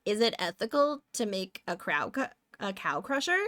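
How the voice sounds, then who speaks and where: A woman's voice: medium pitch, sing-song, moderate pace, fairly bright tone. A woman from Canada, chatting casually with viewers while drawing, giggly and talking to herself as she works. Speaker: streamer.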